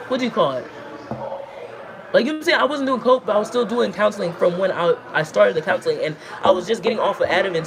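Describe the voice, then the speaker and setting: A woman telling long, rambling, profane stories to her livestream chat, talking in an animated way. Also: medium pitch. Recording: noisy background.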